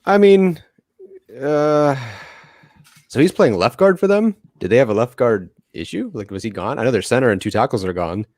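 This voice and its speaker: A man's voice: mid-range voice, expressive, moderate pace, darkish tone, no room sound. A man co-hosting a live sports chat show, chiming in with dry, wisecracking one-liners. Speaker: podcast co-host.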